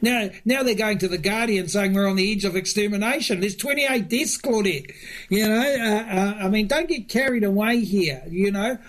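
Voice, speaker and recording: A man, a government minister answering interview questions, halting with many fillers and restarts and chuckling often. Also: sits high, a bit bright. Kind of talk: radio interview guest.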